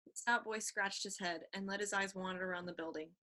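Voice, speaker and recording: Woman reading a kids' mystery book out loud, trips over a word here and there. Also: mid-range voice, steady tone, quick pace, few pauses. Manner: occasionally stumbles and restarts. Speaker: audiobook reader. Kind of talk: reading a children's mystery novel aloud.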